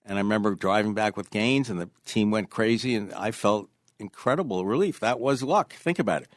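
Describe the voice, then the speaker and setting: A man in his sixties with a New York accent, a touch lower-pitched than most, tells his stories as a podcast guest. He leans hard on key phrases and says them again for weight. The sound is close and dry, with no room around it. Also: a little fast, no echo. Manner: emphatic, repeats key phrases. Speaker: author guest. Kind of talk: casual interview storytelling.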